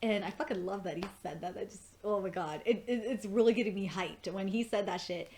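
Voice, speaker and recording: A woman giving a casual fan review of a TV episode, excitable and gushing, swearing freely, laughing often, and jumping high in pitch when she gets worked up. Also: fairly quick.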